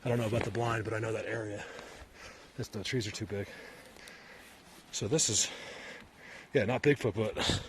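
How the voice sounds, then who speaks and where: A man's voice: fairly low pitch, fairly even intonation, normal speed, pauses often, slightly rough. A man vlogging on a forest walk, talking in a rambling way while out of breath, repeating himself and getting worked up. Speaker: vlogger searching for Bigfoot signs. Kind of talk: casual walking commentary. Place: outdoors in a forest.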